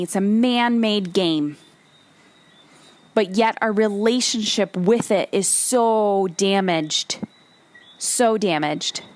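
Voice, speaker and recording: A woman hosting a solo motivational podcast, talking emphatically and bluntly, with some swearing and repeated phrases for emphasis. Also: mid-range voice. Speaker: podcast host and coach.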